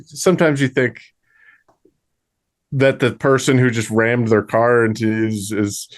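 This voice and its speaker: Male co-host, mid-pitched, dry close-miked sound, rambles with fillers. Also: fairly even intonation, measured pace, dry recording. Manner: rambling, many fillers and restarts. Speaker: podcast co-host. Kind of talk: casual chat.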